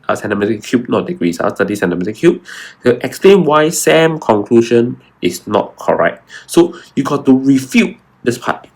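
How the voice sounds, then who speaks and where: A young adult man, walking through a science exam paper and stressing key words again and again. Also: medium pitch. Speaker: science tutor. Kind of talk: exam walkthrough lesson.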